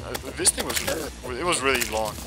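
A young man giving casual, excitable commentary over his own gameplay, laughing often and talking back to enemies on screen, with game music playing behind him. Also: medium pitch, fairly quick. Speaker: gameplay video host. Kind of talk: casual let's-play commentary.

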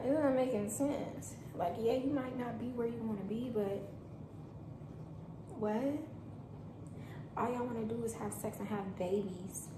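A woman's voice: on the high side, roomy sound, background noise. A young woman from Germany chatting bluntly to her viewers while she cooks at home. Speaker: vlogger. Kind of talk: casual vlog chat while cooking. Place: home kitchen.

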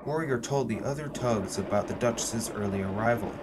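A man giving steady storybook narration. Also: lowish voice, brisk, noisy background.

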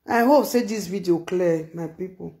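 A Nigerian-accented vlogger reacts to online gossip in a loose, exclamatory way, repeating phrases and calling out to viewers. The pitch sits in a middle range. The voice bounces around a roomy, echoey space. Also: normal speed, mellow. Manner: exclamatory, repeats phrases, mixes Pidgin and Yoruba. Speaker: social media commentator. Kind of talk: casual reaction commentary.

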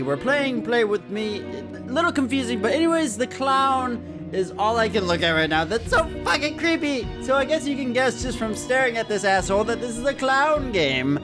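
A man's voice: very high voice, big pitch swings, moderate pace, music in the background. A man hosting a horror game playthrough, jumpy and swearing, with frequent startled yelps. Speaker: let's play host.

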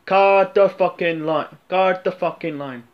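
A man doing a quick impression of a menacing male drug dealer with a Caribbean accent. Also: sits high, lo-fi sound. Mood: harsh. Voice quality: fast, clipped threats.

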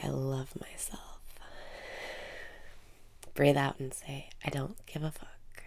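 Woman, meditation guide: deep, very gravelly, slow and soft, half-whispered breathing cues. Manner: repeats breathing cues and mantras.

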